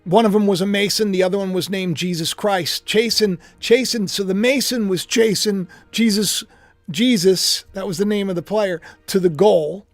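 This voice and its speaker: High-voiced man rambling to viewers. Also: steady tone, normal speed, no echo, soft background music. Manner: rambling, conversational, many restarts and asides. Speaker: host. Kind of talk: casual speculative monologue.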